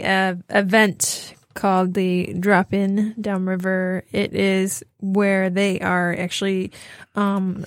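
A woman's voice: mid-range voice, no room sound, clean studio sound. A woman, the podcast's producer, chatting casually and hesitantly with many fillers. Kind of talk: casual chat.

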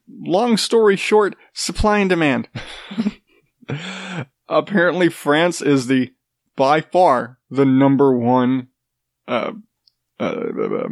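A man's voice: fairly high pitch, no room sound, clean studio sound. A man with a congested, stuffy nose, rambling sarcastically in a casual, profane chat. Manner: rambling, sarcastic, swears freely.

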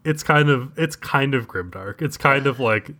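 Bright-voiced laid-back man. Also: medium pitch, expressive, moderate pace. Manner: laid-back, hesitant with fillers. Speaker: podcast co-host. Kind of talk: casual chat.

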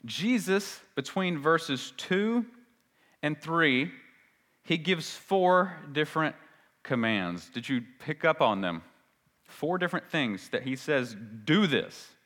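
Male pastor, emphatic sermon, loud then hushed, long hall reverb. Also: fairly high pitch, very animated, takes it slowly. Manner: emphatic, swings between loud and hushed, repeats for stress.

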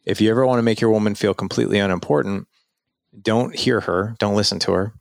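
A man with a low, gravelly voice gives earnest advice on a podcast, slipping into quick acted-out quotes as he goes. The sound is dry and close, with no room around him. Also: fairly even intonation, no room sound. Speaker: podcast guest, fatherhood coach. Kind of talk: casual advice conversation.

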